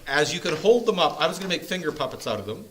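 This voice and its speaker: Lively, joking man leading a class. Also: on the high side, very fast, a little hiss or hum, rough recording. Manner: jokey and playful, often laughing. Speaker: Bible study leader. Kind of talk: informal group teaching with a map. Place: church meeting room.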